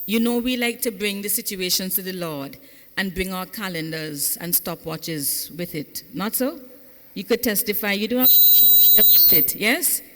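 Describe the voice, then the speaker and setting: A woman's voice: mid-range voice, moderate pace, bright, forceful tone, a little hiss or hum. A woman pastor preaching a sermon, calling out to the congregation and lifting into fervent, sung phrases. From Saint Vincent and the Grenadines. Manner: call-and-response preaching, rising into fervent sung cadences. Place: large church sanctuary. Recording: echoey church hall.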